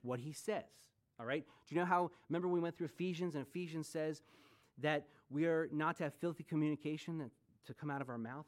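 Pastor, male, 40s, slightly high voice, conversational sermon with humor and rhetorical questions. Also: a little mellow.

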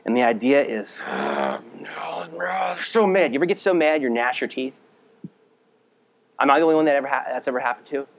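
A man preaching a sermon as a pastor, reading scripture aloud and explaining it, speaking directly to his listeners and dropping to a low, quiet voice for emphasis. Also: fast talker, pauses often. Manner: earnest, direct address to listeners.

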